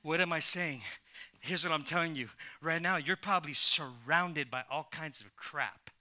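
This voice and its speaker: A male pastor delivering a sermon in a very bright, tense voice pitched a little high. He talks to the congregation casually, then builds to loud, emphatic preaching. The sound is close and dry. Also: normal speed, no echo. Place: church.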